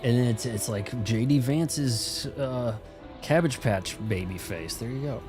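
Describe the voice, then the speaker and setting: A man's voice: medium pitch, measured pace, over music. Rambling self-mocking male game streamer. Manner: rambling, self-deprecating, talks to chat. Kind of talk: casual live-stream chat.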